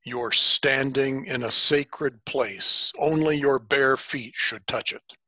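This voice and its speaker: A man voicing God as a commanding divine voice, slow and solemn in a dramatic telling. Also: mid-range voice, pushed and bright, no echo. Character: commanding divine voice from a burning bush. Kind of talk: dramatic storytelling.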